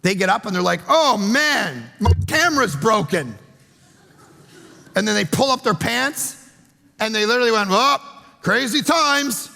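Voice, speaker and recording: A male pastor delivers a sermon in a high, gravelly voice. He tells stories with lively energy and acts out other people's lines. Long reverb from a large hall trails each phrase. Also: moderate pace, long pauses. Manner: storytelling, animated, acts out quotes.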